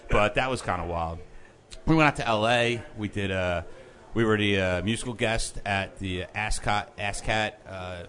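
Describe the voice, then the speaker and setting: Bright-voiced man telling a wild story. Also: lowish voice, moderate pace. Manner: animated, profane anecdotes with quoted voices. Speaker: podcast guest, band member. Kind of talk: casual storytelling chat.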